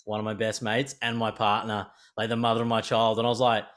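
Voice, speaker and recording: A man's voice: lowish voice, fast. A young Australian man hosting a podcast, chatting casually and swearing freely, acting out the voices of people he describes. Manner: sweary, animated, acts out quoted voices. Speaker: podcast host. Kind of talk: casual unscripted chat.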